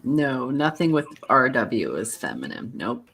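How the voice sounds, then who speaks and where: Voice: medium pitch, very animated, measured pace, fairly bright tone, husky. A live stream co-host in casual chat, easygoing, relaying viewer comments.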